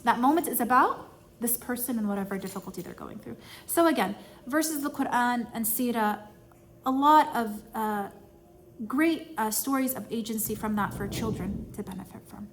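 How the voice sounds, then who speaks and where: A woman's voice: fairly high pitch, moderate pace. Woman teaching a casual faith class. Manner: conversational, sprinkled with Arabic phrases. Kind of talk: informal religious talk to a group. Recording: faint background noise.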